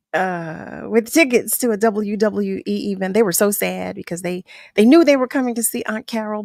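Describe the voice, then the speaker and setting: A woman hosting a radio talk show, chatting and telling stories with animated, playful quotes. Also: medium pitch, dry recording, studio quality. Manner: animated, warm storytelling with laughs and acted-out quotes. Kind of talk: casual radio interview.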